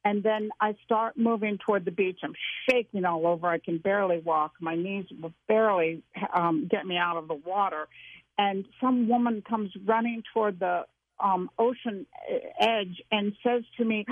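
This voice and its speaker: A woman guest telling a personal story with emotion and expressive storytelling, heard over a phone-like line. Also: mid-range voice, normal speed, dry recording.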